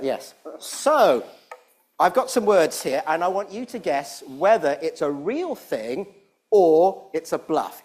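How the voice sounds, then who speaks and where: A man's voice: on the high side, darkish tone. A middle-aged man leading a jokey all-age church talk, playful and rambling as he teases the congregation. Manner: playful, rambling, teasing the audience. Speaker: church service leader.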